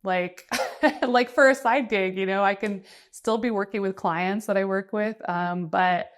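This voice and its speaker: A woman's voice: mid-range voice, fairly even intonation, a little slow. A young woman from the United States, a freelance writer talking casually in an interview, chatty with many fillers and restarts. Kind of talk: casual conversation.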